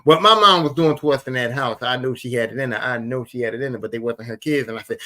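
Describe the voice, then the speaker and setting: Philly guy on a podcast, middle aged, bright voice, storytelling and repeating himself for emphasis. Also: medium pitch, quick pace, hardly any pauses. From Philadelphia. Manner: animated, repetitive, emphatic retelling. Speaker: podcast host. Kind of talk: casual storytelling.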